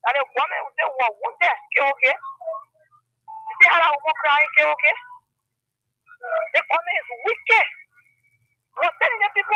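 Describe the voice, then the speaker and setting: A man's voice: extremely high pitch, sharp tone, no room sound. A man calling in to a radio show, speaking with passion and repeating "okay, okay" as he goes. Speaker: caller. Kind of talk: impassioned call-in complaint. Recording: dull phone line.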